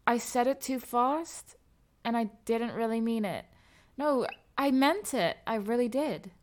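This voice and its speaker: A woman playing a breathy, flustered young streamer. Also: on the high side, natural voice. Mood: breathless.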